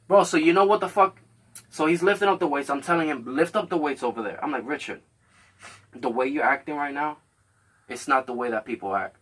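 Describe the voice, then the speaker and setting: Husky man with a slightly high voice, telling a story in animated, profane casual chat and acting out both sides of a quarrel. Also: brisk. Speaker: podcast host.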